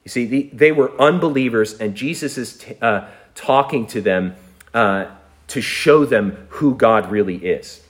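A man's voice: medium pitch, unhurried. A man preaching a sermon in a conversational, storytelling way, chuckling now and then. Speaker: pastor.

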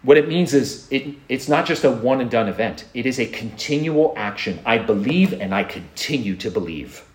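A man's voice: medium pitch, expressive, normal speed. A man preaching a sermon, earnest, with rhetorical questions and repeated refrains. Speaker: pastor. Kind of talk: expository sermon.

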